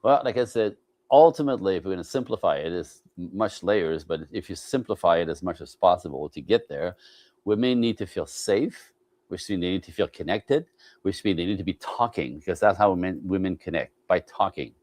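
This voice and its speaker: A man's voice: low voice, lively intonation, brisk, a little mellow, no echo. Emphatic male relationship coach, dry sound. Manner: emphatic, repeats "right?", slips into mimicking voices. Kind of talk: animated interview talk.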